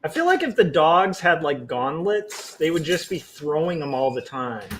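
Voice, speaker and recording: A man's voice: on the high side, very animated, moderate pace, slight background noise. A man talking casually to his viewers while he works on comics, wry and self-mocking, with offhand jokes. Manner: wry, self-mocking, drifting into jokey quoted voices. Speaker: livestreaming comic artist.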